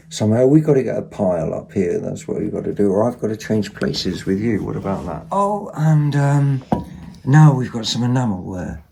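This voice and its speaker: A man's voice: lowish voice, expressive, normal speed, vocal fry, dark tone, a little hiss or hum. A man giving a rambling, casual show-and-tell of second-hand finds at home, with lots of ums and asides. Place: home, at a table.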